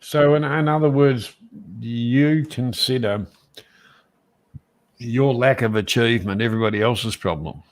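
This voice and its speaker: A man's voice: mid-range voice, unhurried. A man chatting casually as a guest, making dry, teasing remarks. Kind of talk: casual chat.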